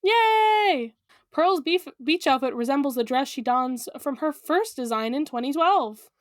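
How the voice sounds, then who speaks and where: A chatty woman with a high, light voice co-hosts a cartoon recap podcast, rambling through fillers and quick giggles. Her voice sits close to the mic in a dry, dead room with no echo. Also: animated. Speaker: podcast co-host. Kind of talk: casual recap chat.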